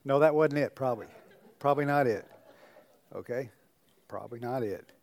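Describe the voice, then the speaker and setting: A man's voice: mid-range voice, normal speed. An older man, a pastor, giving a sermon in a conversational storytelling way with joking asides.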